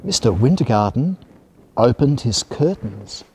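A man reading a children's picture book aloud, expressive and animated. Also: mid-range voice, a little slow, breathy edge. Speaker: storyteller. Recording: reverberant hall.

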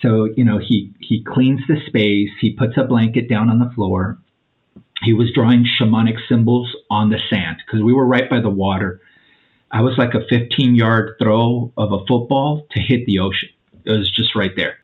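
A man's voice: lowish voice, normal speed. A man in his forties, a podcast guest, telling a long story in a loose, casual way, acting out quotes and saying "man" and "dude" a lot. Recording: tinny phone-like line.

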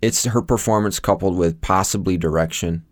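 A man's voice: deep voice, normal speed, no echo, clean studio sound. A man co-hosting a casual movie review podcast, joking and trailing off mid-sentence. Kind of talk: casual chat.

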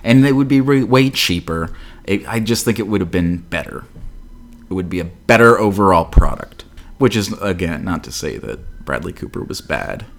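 A man's voice: sits low, very animated, normal speed, creaky. Blunt, swearing man in casual talk. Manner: profane, blunt, heavy on fillers. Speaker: podcast co-host. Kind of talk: casual chat.

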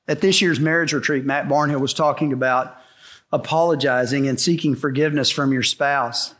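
A man's voice: mid-range voice, fairly even intonation, normal speed, fairly bright tone. A middle-aged man preaching a sermon to a congregation, in an emphatic style that repeats its key lines. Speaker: pastor. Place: church sanctuary before a congregation.

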